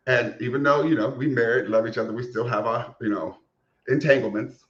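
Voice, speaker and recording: A man co-hosting a casual podcast, telling an embarrassing story in a sassy, animated way with swearing. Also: mid-range voice, fairly quick, reverberant, highs cut off. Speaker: podcast co-host. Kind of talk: casual chat, comic storytelling.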